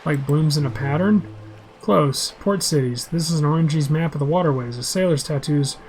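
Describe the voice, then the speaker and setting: A man's voice: fairly high pitch, normal speed, a little mellow, slight background noise, low-quality recording. A man reading a role-playing game's dialogue aloud in a plain voice, with small slips and restarts. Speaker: game describer.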